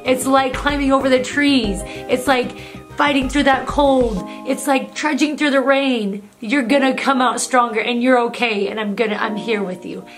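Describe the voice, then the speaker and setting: A woman's voice: high voice, steady tone, normal speed. Earnest woman sharing faith over music. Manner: earnest, heartfelt, drops soft when quoting inner comfort. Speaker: guest, host's mother. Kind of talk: casual faith testimony to camera. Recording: music playing clearly behind.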